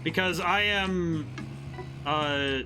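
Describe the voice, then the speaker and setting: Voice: medium pitch, drawn-out words, sharp tone. A game streamer from the northern United States giving casual, bemused let's-play commentary, giggling and talking back to the characters. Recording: game music playing clearly underneath.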